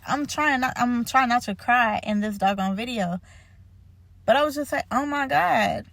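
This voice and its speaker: A young woman shares a personal story in a casual vlog, chatty and animated, laughing and emotional between fillers. Her voice sits at an ordinary pitch and sounds dry and close, with no room around it. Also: no echo. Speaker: faith vlogger.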